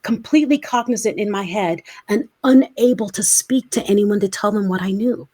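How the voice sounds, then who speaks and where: A woman's voice: mid-range voice, normal speed, mellow. A woman in her forties, a motivational speaker, telling her personal story in an interview with earnest emotion. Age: 40s. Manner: earnest, emotional, acts out her own past words.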